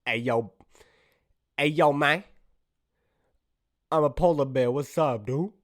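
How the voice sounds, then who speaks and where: A man voicing a swaggering male gangster polar bear in a cartoon audition, talking slangy, loud and breezy. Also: medium pitch, slow pace, lightly acted.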